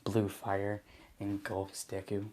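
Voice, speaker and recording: Guy making up a fan story as he goes, kinda low voice, keeps restarting. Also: completely flat delivery, takes it slowly, darkish tone, slight background noise. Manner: rambling, full of restarts and "like". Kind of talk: improvised fan story telling.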